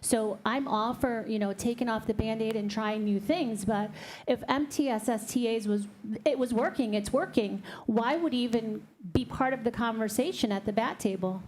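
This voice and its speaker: Measured woman questioning at a board meeting. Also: fairly high pitch, darkish tone, a little hiss or hum. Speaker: school board member. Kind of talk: public meeting debate.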